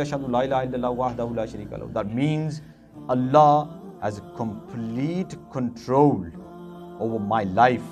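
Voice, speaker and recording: A man preaching a sermon as an imam, impassioned and speaking straight to his listeners with rhetorical questions. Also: mid-range voice.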